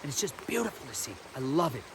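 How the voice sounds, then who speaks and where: A man's voice: a little high, sing-song, quick pace, noisy background. A man giving an informal spiritual teaching as a podcast host, earnest, emphatic and colloquial.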